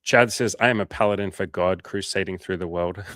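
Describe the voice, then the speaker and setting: A man's voice: deep voice, steady tone, brisk, fairly bright tone, dry recording, clean studio sound. A man hosting a coaching livestream in casual chat. He reads out viewer comments and answers them with blunt, profane, frank advice.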